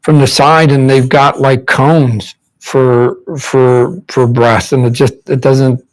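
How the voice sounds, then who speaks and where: A man's voice: mid-range voice, level tone, slow, low-quality recording. Man giving a rambling drawing lesson. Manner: rambling, repeats words, talks while drawing; demonstrates mouth sounds and faces. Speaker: comic book artist teaching drawing. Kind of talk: casual live drawing demonstration.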